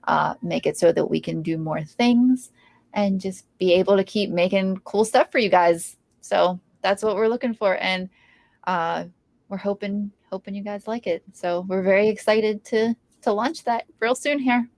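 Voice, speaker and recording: A woman co-hosts a casual podcast, enthusiastic and steady as she talks to listeners. Her voice sits at a middle pitch. The recording is dry and close. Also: normal speed, gravelly, dry recording. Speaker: podcast co-host.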